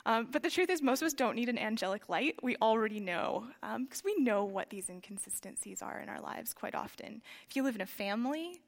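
A woman preaching a sermon in a conversational, reflective way, with soft trailing phrases and frequent fillers. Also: fairly high pitch, expressive, brisk, creaky, hardly any pauses. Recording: long reverb of a large hall.

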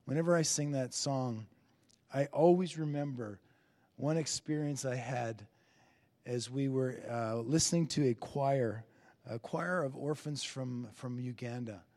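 A man preaching a sermon earnestly, lifting his voice on key phrases and easing into soft endings. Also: medium pitch, measured pace, long reverb tail. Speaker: pastor.

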